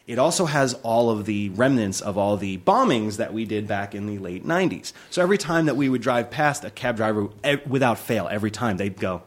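A man's voice: fairly quick, few pauses. A man in his forties, a film director telling stories in a casual chat, acting out quotes with big jumps in his voice. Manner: animated storyteller, acts out quotes with big pitch jumps. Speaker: film director, podcast guest.

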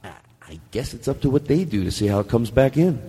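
Man host, rambling profane storyteller, lively swooping pitch, music bed behind. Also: fast, big-room sound. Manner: rambling, profane, acts out what he imagines others saying. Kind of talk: casual comedic riffing. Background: music playing.

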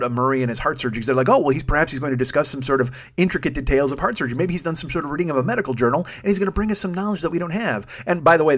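A man doing a rambling, profane monologue as a comedy podcast host, in his forties. His voice sits a little high and races along fast. He mocks himself as he wanders between tangents. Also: fairly bright tone. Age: 40s. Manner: profane, rambling, self-deprecating.

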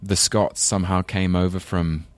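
A man's voice: deep voice, flat delivery, moderate pace, dry recording. A man with a London English accent, chatting as an interview guest, thoughtful and rambling, with self-deprecating laughs. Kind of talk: casual interview chat.

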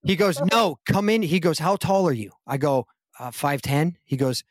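A man's voice: on the high side, moderate pace, dry recording, studio quality. A man telling a long anecdote in a casual podcast interview, acting out quoted lines with a lifted voice. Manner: animated anecdote-telling, acts out quotes in raised voice. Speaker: guest actor.

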